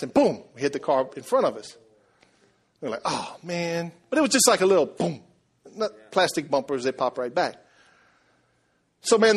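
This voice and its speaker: A man preaching a sermon, telling a story and asking the congregation questions in a lively, conversational way. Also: a little high. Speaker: pastor.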